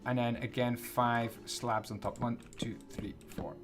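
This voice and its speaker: A man's voice: medium pitch, fairly even intonation, unhurried. A man giving casual, playful commentary as he builds in a video game, counting blocks aloud as he goes. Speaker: Minecraft builder and tutorial host. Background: background music.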